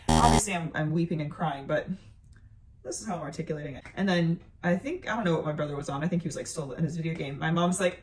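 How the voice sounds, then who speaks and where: A woman's voice: medium pitch, a little fast. A young woman from North Carolina, a comedian telling a story straight to the camera. She jumps into her relatives' voices as she goes, and music plays under her talk. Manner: animated, acts out voices of family members. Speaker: stand-up comedian and YouTuber. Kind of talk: casual storytelling vlog.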